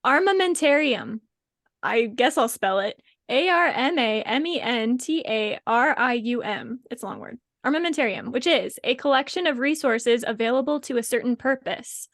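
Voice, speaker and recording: A woman's voice: fairly high pitch, normal speed, hardly any pauses, no echo, studio quality. A woman co-hosting a podcast in casual chat, giving brief reactions and plain explanations.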